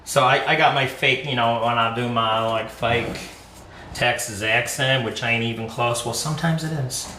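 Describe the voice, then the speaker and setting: Casual podcast co-host, male, jokey storyteller, bright tone, recorded from a distance in an echoey kitchen. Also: medium pitch, normal speed, a little hiss or hum. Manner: chatty, jokey storyteller with animated quoted voices. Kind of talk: casual chat while cooking. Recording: echoey room, distant mic, faint ambience.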